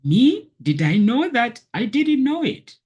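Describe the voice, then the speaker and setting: Woman vlogger preaching to camera, husky voice, keeps repeating herself for emphasis. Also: on the high side, big pitch swings, takes it slowly, a little mellow, muffled recording. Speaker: motivational vlogger. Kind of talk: personal testimony, preachy monologue.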